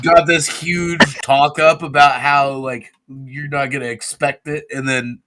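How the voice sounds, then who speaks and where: A man's voice: on the high side, flat delivery, measured pace, heavy background noise. A man playing a tabletop game who talks in a laid-back, hesitant way. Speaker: player. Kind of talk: tabletop game play, casual chat.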